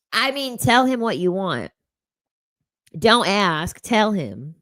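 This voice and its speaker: A woman talks through a casual commentary chat with a blunt, sassy edge. She repeats her points for emphasis and keeps the talk animated. Her voice sits at an ordinary middle pitch, and the sound is dry and close. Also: drawn-out words, no echo. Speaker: commentary host reading chat.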